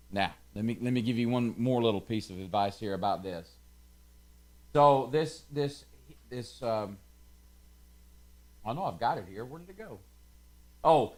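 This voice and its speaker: A man with a Tennessee accent giving a conversational Bible study, often checking in with his listeners and adding quick asides. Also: mid-range voice, a bit bright. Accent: Southern US, Tennessee. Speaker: pastor.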